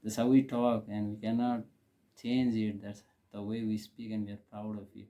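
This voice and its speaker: A man's voice: fairly low pitch, level tone, moderate pace, very noisy. A man with a Nepali accent, hosting a reaction video in casual, hesitant commentary full of fillers and restarts.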